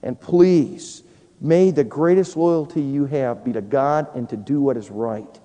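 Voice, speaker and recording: A man's voice: medium pitch, measured pace, dark tone. A man preaching a sermon who earnestly works through a numbered list of points. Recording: live chapel recording in a reverberant hall.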